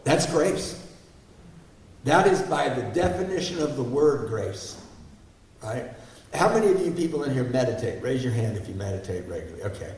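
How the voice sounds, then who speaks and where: A man's voice: mid-range voice, sing-song, moderate pace, a little mellow. Man in his 60s, guest speaker, frank and self-mocking, heard from a distance in a big reverberant hall. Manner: candid, self-deprecating, asks the audience questions. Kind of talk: personal recovery story told to an audience. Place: large hall before an audience. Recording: echoey hall, mic far off.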